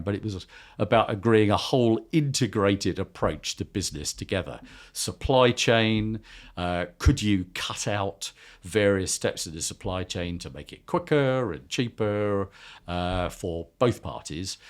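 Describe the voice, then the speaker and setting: A middle-aged man, a company chief executive telling anecdotes as a podcast guest, a self-confessed talker. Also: deep voice. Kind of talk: casual storytelling interview.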